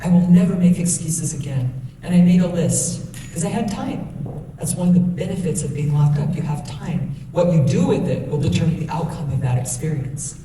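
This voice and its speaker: A woman's voice: low-pitched, moderate pace. Earnest woman speaker in an echoey hall. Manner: earnest, emotional storytelling. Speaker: guest speaker. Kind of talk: motivational talk to youth. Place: school hall. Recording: echoey hall from far off, noisy.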